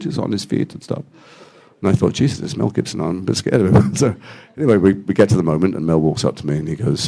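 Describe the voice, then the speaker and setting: Brief: English actor, fast lively anecdotes, low and gravelly. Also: male voice. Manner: animated, quotes others in quick dialogue. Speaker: actor guest at a Q&A. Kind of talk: anecdotal storytelling. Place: cinema auditorium after a screening.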